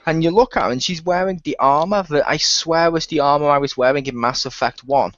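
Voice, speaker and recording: A man hosts a gaming podcast and rambles through an animated story, laughing often. His voice sits a little high. The recording is muffled and lo-fi, with a dry room. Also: brisk, dry recording. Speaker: podcast host. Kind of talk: casual chat.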